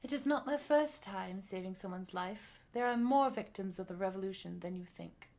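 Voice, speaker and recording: A woman reading a composed female nurse from a revolutionary-era game in a low, measured voice. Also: creaky, a little mellow, lightly acted. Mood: grave. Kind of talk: reading game dialogue aloud.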